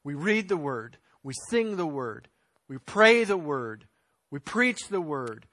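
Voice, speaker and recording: A man with a high voice delivers a sermon, pushing hard on key words and then sinking quiet. The recording is dry and close, with no room sound. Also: big pitch swings, slow pace, no room sound. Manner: emphatic preaching with rising and falling intensity; clears throat now and then. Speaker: pastor.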